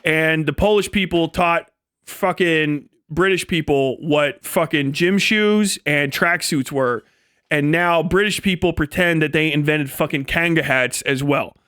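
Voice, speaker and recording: A man with a fairly high voice, hosting a live stream. He rants in a rambling, profane, mocking comedic style, and breaks into laughs now and then. The recording is dry and close, with no room echo. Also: unhurried, fairly bright tone, clean tone. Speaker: livestream host.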